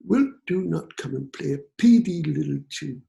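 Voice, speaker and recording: A man's voice: a little high, fairly even intonation, measured pace, gravelly. An older Scottish man voicing a small solemn fairy man who speaks in archaic, formal thee and thou. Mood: pleading.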